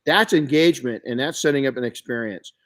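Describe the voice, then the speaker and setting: Middle-aged male podcast host, mid-pitched, animated storyteller who trips over his words and restarts. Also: brisk. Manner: storytelling, animated, frequent restarts and self-corrections. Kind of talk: casual podcast chat.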